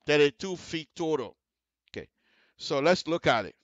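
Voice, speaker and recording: A man with a voice on the high side and lively intonation teaches road construction and design on the radio at a normal speed. The studio recording is dry and sounds dull. His manner is explanatory, and he repeatedly checks understanding with lines like "you see the difference?"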